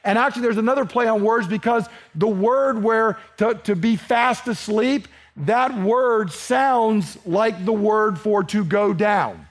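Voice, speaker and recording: A man's voice: sits high, measured pace, few pauses. A man preaching a sermon, telling it in a folksy way with personal stories and asides. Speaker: pastor.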